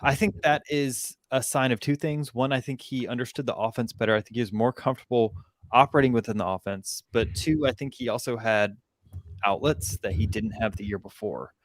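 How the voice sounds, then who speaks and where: A man's voice: medium pitch, a little fast, no room sound. A man on a casual college football podcast, explaining stats with frequent ums and self-corrections.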